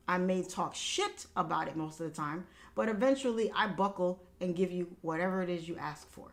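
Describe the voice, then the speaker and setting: A woman's voice: lowish voice, fairly quick. A young woman livestream host telling a personal family story in casual talk, candid and emphatic, swearing freely. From Haitian family background.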